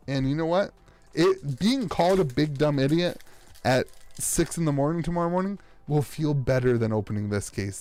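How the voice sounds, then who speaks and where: A man's voice: mid-range voice, dark tone, no echo. An American man streaming live as he opens card packs, rambling with sarcastic, self-mocking banter.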